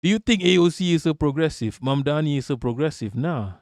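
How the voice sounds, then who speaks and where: A man's voice: on the high side, expressive, a little fast, a little mellow, no echo, clean studio sound. A man giving a casual livestream rant as an online political commentator, emphatic and profane, firing off rhetorical questions and repeating himself.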